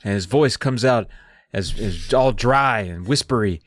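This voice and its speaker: A podcast co-host casually recapping a spooky book, telling it with lively, swearing storytelling. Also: mid-range voice, measured pace, no echo, studio quality.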